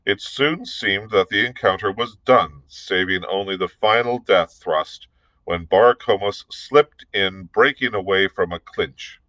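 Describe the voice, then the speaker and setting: Man, librarian, reading a novel aloud, low voice, measured and deliberate, small restarts, dry close sound. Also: sharp tone, no echo, low-quality recording.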